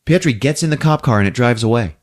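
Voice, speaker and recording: A man hosting a podcast, recapping a movie scene by scene, jumping into quick character voices and laughing often. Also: medium pitch, animated. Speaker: podcast host.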